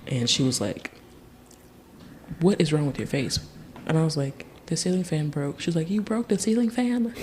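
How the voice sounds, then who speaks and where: Here a young man from Tennessee, guesting on a podcast, relays a childhood tale with easygoing energy, laughing as he imitates the people involved. His voice leans high, he speaks at a normal rate, and faint background noise can be heard.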